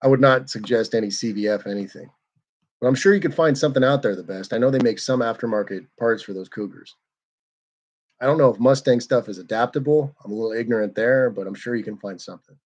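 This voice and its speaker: A man's voice: medium pitch, fast, darkish tone, highs cut off. A man hosting a car livestream in casual, rambling, self-deprecating chat.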